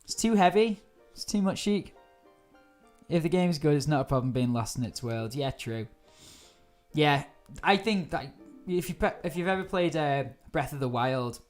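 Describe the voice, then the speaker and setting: A woman chatting through a live gameplay stream, easily startled and quick to laugh. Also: rumbling low, lively intonation, soft background music. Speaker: game streamer.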